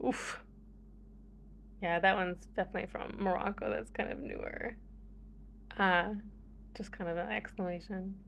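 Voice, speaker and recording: A woman's voice: mid-range voice, steady tone, unhurried, creaky, long pauses, a bit bright, slight background noise. A young American woman chatting casually to her viewers, playful and laughing often as she talks. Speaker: vlogger. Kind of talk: casual chat to camera.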